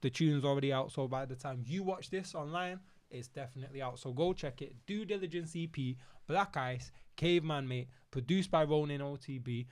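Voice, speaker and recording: A young man with a Manchester accent co-hosting a casual chat show, slangy and quick to laugh. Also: on the high side. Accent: Manchester English. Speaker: podcast co-host.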